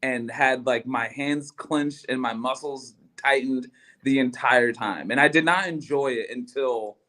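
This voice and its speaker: A man co-hosting a sports fan podcast tells a story in chatty, quick bursts. His voice sits at an ordinary middle pitch. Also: pushed and bright. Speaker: podcast co-host. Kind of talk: casual chat.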